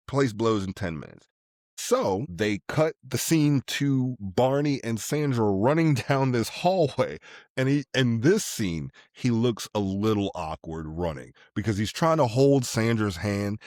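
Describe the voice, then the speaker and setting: A man with a low voice walks through an action movie scene by scene. He recaps casually and playfully, tossing in jokey asides. The recording is dry and close. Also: darkish tone, dry recording. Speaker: podcast co-host.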